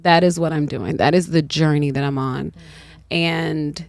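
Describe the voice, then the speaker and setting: A woman's voice: deep voice, fairly even intonation, fairly quick, darkish tone, no room sound, clean studio sound. A woman with a Southern accent, a podcast guest talking candidly and reflectively, repeating words for emphasis. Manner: earnest, reflective, emphatic repetition.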